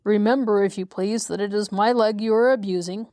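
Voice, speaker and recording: A woman's voice: medium pitch, fairly even intonation, a little fast, no echo, studio quality, natural voice. A woman reading aloud as a touchy, easily offended male pumpkin-headed figure. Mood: prim. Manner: indignant and sharp.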